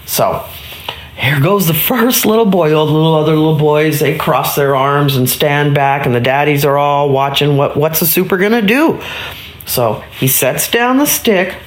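A woman telling a children's story in a casual, animated way, with many restarts and playful sound effects. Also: sits low, normal speed. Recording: roomy echo.

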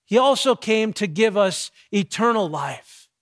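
A man, a pastor with young kids, preaching a sermon with emphatic, measured delivery and dramatic pauses. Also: high-pitched, expressive.

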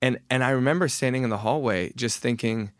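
A man's voice: mid-range voice, fairly quick, no room sound, clean studio sound. A man in his thirties, a guest author talking candidly and self-deprecatingly in a casual podcast conversation, often restarting his sentences.

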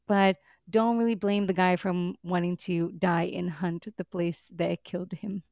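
A woman co-hosting a podcast in casual chat, animated and exasperated, swearing now and then and laughing as she talks. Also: on the low side, measured pace, few pauses, no echo, clean studio sound. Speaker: podcast co-host.

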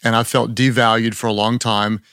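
A man's voice: medium pitch, flat delivery, moderate pace, a bit bright, dry recording, studio quality. A man hosting a podcast interview, encouraging his guest with frequent short affirmations and asking questions. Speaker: podcast host.

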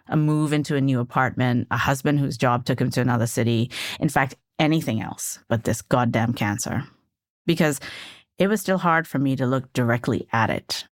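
A woman's voice: extremely low pitch, no echo, studio quality. A woman in her forties narrating her family's story as a podcast host, candid and reflective.

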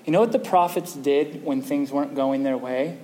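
A man's voice: fairly high pitch, normal speed, a little mellow. A male pastor preaching a sermon in a conversational way, often asking the congregation questions. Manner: conversational, asks the audience questions. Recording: echoey hall with faint noise.

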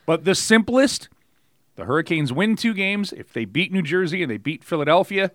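A middle-aged man co-hosting a sports podcast, talking in a laid-back, jokey and animated way. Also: high voice, moderate pace, dry recording, clean studio sound. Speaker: podcast co-host. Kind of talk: casual sports podcast chat.

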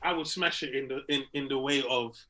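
A man's voice: mid-range voice, fairly even intonation, a little fast, pushed and bright. A young British man, a comedian, chatting casually and teasing his friend with mock bits. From Britain. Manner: playful, teasing, drops into mock voices. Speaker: comedian podcast co-host. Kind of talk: casual chat.

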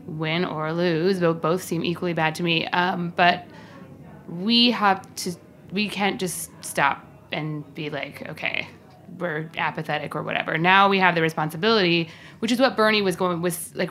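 Young female co-host from New York, slightly low voice, casual and opinionated. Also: a bit bright. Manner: wry, opinionated, with fillers. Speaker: podcast co-host. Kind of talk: casual chat.

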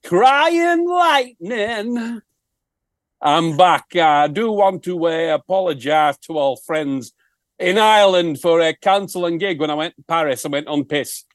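A man impersonating a laid-back male rock singer with a put-on northern English accent and a slow, mumbling drawl. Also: fairly high pitch, animated, dry recording, studio quality. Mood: drawling apology.

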